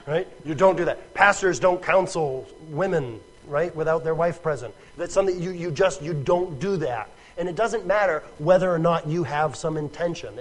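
A man's voice: fairly high pitch, low-quality recording. A man preaching a sermon in a conversational, emphatic way, often repeating words and checking with "right?".

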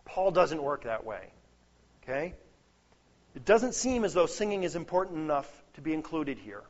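A man's voice: fairly high pitch, sing-song, normal speed. A man preaching a sermon, earnest and emphatic, building points through lists. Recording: dull lo-fi sound.

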